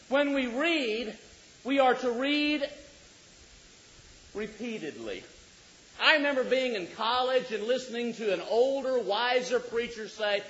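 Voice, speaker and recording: High-pitched preacher, lively and loud. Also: male voice. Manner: animated, rising to shouts for emphasis, joking with the congregation. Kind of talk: sermon. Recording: dull lo-fi recording.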